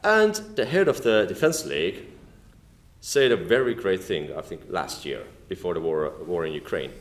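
Deep-voiced Estonian man giving a dinner speech. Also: sing-song. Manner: halting non-native phrasing, frequent "like" and "uh". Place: banquet room at a formal dinner. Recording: echoey dining hall.

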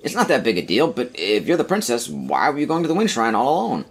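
A man's voice: wildly swooping pitch, quick pace, slightly rough, heavily acted. A man voicing an impatient young male adventurer who snaps and teases his companions. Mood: teasing. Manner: exasperated, loud, high-pitched.

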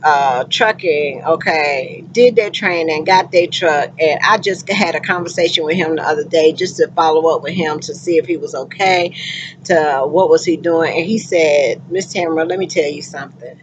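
A woman's voice: low voice, moderate pace, lo-fi sound, slight background noise. A woman, a trucking vlogger chatting casually to her viewers, full of endearments like honey and girl.

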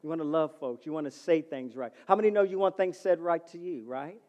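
A middle-aged man preaching a sermon as pastor, calling out to the congregation and swinging from loud to soft. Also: on the high side, fairly quick. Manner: calls to the congregation.

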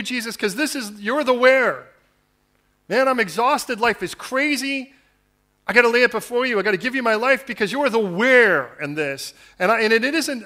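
A man, a pastor, preaching a conversational sermon, acting out the words of biblical figures and moving between quiet asides and loud, fervent appeals. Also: very high voice.

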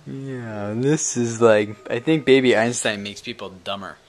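A young father chatting casually for a family vlog, bursting into excited high baby talk with his kids. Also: unhurried.

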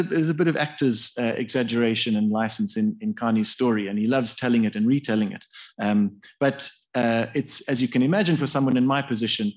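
Hesitant professor lecturing. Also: male voice, fairly low pitch. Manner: thinks aloud, hesitant and discursive. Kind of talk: academic public lecture. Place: university lecture hall.

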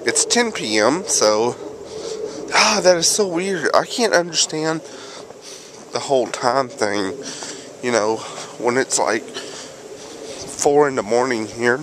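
A man's voice: mid-range voice, animated, slow pace, long pauses. A man, rambling and correcting himself as he vlogs outdoors on a handheld camera. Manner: rambling, self-correcting, chatty. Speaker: vlogger. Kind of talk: rambling casual vlog while walking outdoors. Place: outdoors on a road near home, windy. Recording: faint wind and passing cars.

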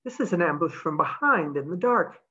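A woman's voice: fairly low pitch, expressive, normal speed, fairly bright tone, highs cut off. A woman reading aloud, voicing a determined young woman who talks urgently and pleads.

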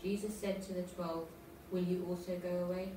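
A woman's voice: on the low side, little pitch movement, moderate pace, dark tone, a little hiss or hum. A woman from the audience reading scripture aloud carefully. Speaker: reader in the audience. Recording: very echoey church from far off.

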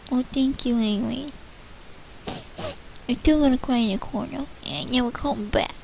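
A high-pitched woman hosting a casual gift-opening vlog. She chats excitedly and thanks her viewers one by one, with a faint hiss behind her. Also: normal speed, creaky, pauses often. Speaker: channel host.

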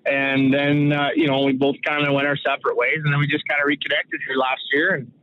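A man from Saskatchewan calls in as a guest, and his voice comes through a thin, phone-like line. He rambles easily from one story to the next and laughs often, sitting a little high in his range. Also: little pitch movement, a little fast, no room sound. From Canada, Saskatchewan. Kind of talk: casual interview over the phone. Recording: phone-like narrow sound.

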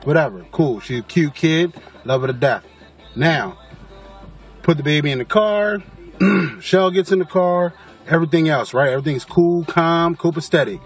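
A man's voice: on the high side, moderate pace, husky, faint music behind. A man casually telling a story to his camera, cursing freely and acting out the voices of the people in it. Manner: animated, profane, acts out quoted voices. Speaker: vlogger.

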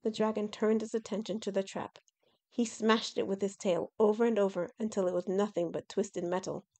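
A woman reading her own fantasy novel aloud in a steady, expressive storybook narration. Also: mid-range voice, moderate pace.

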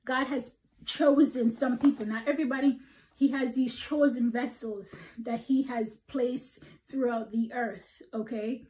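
A woman's voice: on the high side, fairly even intonation, a little slow, dark tone, rough recording. A woman preaching a prophetic encouragement message, emphatic and repeating "okay?", sometimes dropping to a whisper. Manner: emphatic, tags "okay?" after points, drops to whispers.

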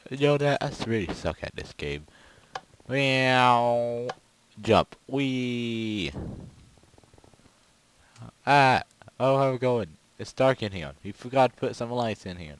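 A man giving casual, rambling gameplay commentary with goofy, excitable outbursts. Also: mid-range voice, normal speed, low-quality recording. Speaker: gaming video creator.

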